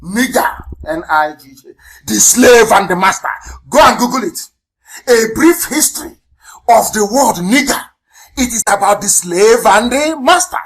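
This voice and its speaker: With lively intonation and a moderate pace, a movement leader from Nigeria delivers a fiery radio address on a low-quality recording. He spells out words letter by letter, repeats himself, and shifts from loud bursts to hushed asides.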